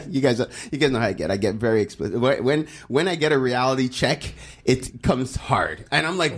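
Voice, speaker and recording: Lively, animated man telling a story. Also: on the high side, quick pace, breathy edge. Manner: animated storyteller, voice jumping up when excited. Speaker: podcast co-host. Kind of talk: casual chat.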